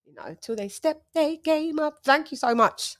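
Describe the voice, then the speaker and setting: A young British woman hosts a boxing livestream in casual chat, laughing and shouting out viewers from the comments. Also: high voice, expressive, moderate pace. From United Kingdom.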